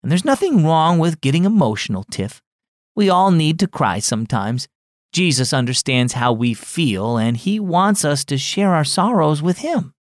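A man's voice: fairly high pitch, big pitch swings, normal speed, no room sound, clean studio sound. A man voicing a kind, reassuring aunt. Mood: gentle. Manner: gentle and reassuring. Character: kind, thoughtful adult aunt.

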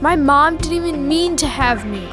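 A woman voicing a dejected young boy who feels ashamed and hurt, speaking quietly. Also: sits high, expressive, moderate pace. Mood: hopeless. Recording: music playing under the voice. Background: music.

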